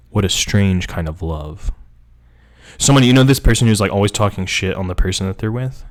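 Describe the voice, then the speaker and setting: A man's voice: on the low side, a little fast. A man teaching a close reading lecture, reading a text aloud and breaking off with wry, joking asides. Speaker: rhetoric professor. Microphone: desk mic, livestream.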